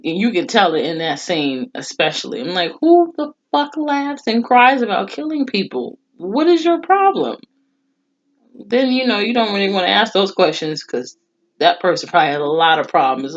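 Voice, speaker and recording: A woman casually recapping a TV episode in a blunt, expressive way, swearing freely. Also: deep voice. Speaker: TV show reviewer. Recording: dull lo-fi recording.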